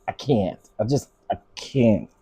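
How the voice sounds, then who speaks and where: A man's voice: on the low side, lively intonation, slow, mellow, slightly rough. A middle-aged man hosting a casual live commentary stream, exasperated and ranting as he answers his chat. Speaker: livestream commentary host.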